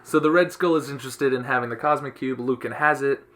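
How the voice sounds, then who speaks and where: A man's voice: medium pitch, quick pace, fairly bright tone. A man hosting a podcast, chatting casually and hesitantly about a comic book, with many ums and restarts. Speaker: podcast host.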